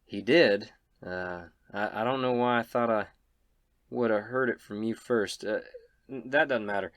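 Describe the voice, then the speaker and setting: A man's voice: on the low side, measured pace, no echo. A man voicing a tough, no-nonsense female sheriff in a tabletop game, speaking in a blunt, drawling, commanding way. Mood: gruff.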